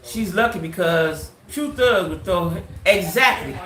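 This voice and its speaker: A woman's voice: on the low side, measured pace, roomy sound. A woman hosting a live stream, giving casual, emphatic commentary on a reality show and talking straight to her viewers. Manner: animated, emphatic, talks to viewers.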